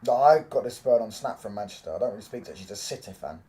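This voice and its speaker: A young man, chatting casually on a football watchalong stream, swearing freely and breaking into loud reactions to the match. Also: lowish voice, expressive, quick pace. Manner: loose, swearing banter, reacts loudly to the match. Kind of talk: casual live-stream chat.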